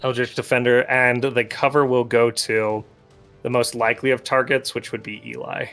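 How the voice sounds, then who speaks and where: A man's voice: mid-range voice, little pitch movement, normal speed, vocal fry, a bit bright, faint music behind. Man casually narrating a tabletop game. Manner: loose, conversational narration with fillers. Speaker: player voicing a paladin. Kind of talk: describing his character's actions in a tabletop game.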